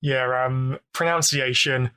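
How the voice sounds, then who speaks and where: A man's voice: mid-range voice, fairly even intonation, takes it slowly, bright, forceful tone, clean tone. A young British man guesting on a podcast, easygoing and self-deprecating, laughing along in casual chat. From England.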